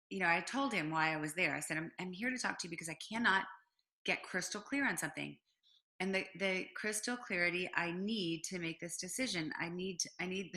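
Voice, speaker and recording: A middle-aged woman, a business owner guest in an interview, telling a personal story with lots of fillers and acted-out quotes. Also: lowish voice. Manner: animated storyteller, acts out quotes, frequent fillers.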